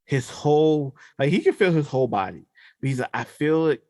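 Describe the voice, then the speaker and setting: A man's voice: medium pitch, fairly quick, dry recording, clean studio sound. A man co-hosting a podcast, telling a story in casual chat and acting out the voices as he goes. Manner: animated storyteller, acts out voices. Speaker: podcast co-host.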